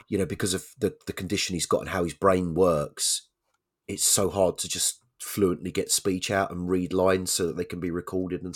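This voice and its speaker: A man's voice: low voice, slightly rough. A man, a podcast co-host chatting casually and rambling. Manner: rambling, many fillers and restarts. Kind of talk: casual chat.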